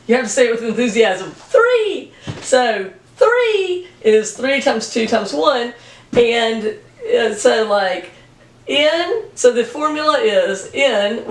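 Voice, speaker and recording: A woman's voice: a little high, distant mic. Chatty woman teacher in an echoey room. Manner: chatty, plain-spoken, jokey asides. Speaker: math teacher. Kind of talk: recorded video lesson.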